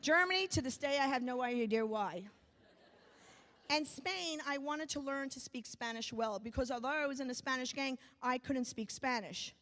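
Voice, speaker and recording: A woman from New York giving a motivational speech, telling a personal story with comic timing and dramatic pauses. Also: high-pitched, fairly bright tone. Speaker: motivational speaker. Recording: long hall reverb.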